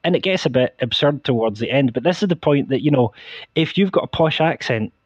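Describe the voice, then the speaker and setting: A man's voice: mid-range voice, animated, brisk, husky, no room sound, dull audio. A man co-hosting a podcast, talking through an argument in an earnest way. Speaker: podcast co-host. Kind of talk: casual discussion.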